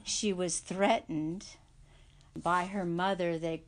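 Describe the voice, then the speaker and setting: A woman co-hosting a podcast in casual chat, recounting events in a measured, matter-of-fact way. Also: fairly low pitch, fairly even intonation. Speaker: podcast co-host.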